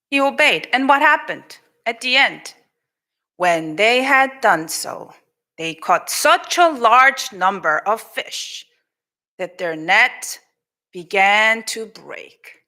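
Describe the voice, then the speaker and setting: A woman with a Korean accent giving a children's sermon in a church, telling a Bible story in an animated way, acting out the people in it and switching between English and Korean. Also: fairly high pitch, slow. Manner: animated, acts out quoted lines. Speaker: pastor. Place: church sanctuary.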